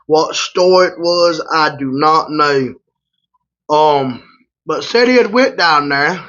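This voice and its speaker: A trucker talks loose and colloquial as he eats and rambles into a story, his voice sitting a bit high for a man. The audio is slightly muffled and lo-fi. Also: a bit bright. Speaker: truck driver and vlogger. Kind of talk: casual storytelling while eating. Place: hotel room.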